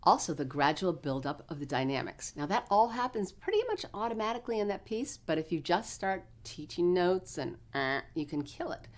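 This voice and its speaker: Low-pitched woman, calm clinician explaining rehearsal methods. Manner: clear, measured teacherly explanation; energetic rehearsal coaching with choir. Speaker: choral clinician. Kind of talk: recorded choral workshop lesson.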